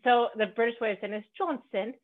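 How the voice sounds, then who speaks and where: A woman's voice: a little high, flat delivery, racing. Bubbly woman podcast host on a phone-like line. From Canada. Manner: bubbly, joking, swears freely. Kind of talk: casual podcast chat. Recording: phone-like narrow band.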